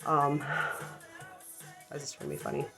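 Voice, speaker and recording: A woman's voice: low-pitched, completely flat delivery, takes it slowly, vocal fry, sharp tone. A woman vlogger telling a story in casual, rambling style, full of ums and likes, sheepish about her own part in it. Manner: self-deprecating, embarrassed about the story. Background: background music.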